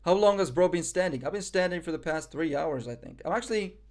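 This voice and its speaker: Higher-voiced joking man streaming live. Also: lively intonation, fast. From Morocco. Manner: joking, self-mocking banter. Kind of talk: casual live-stream chat.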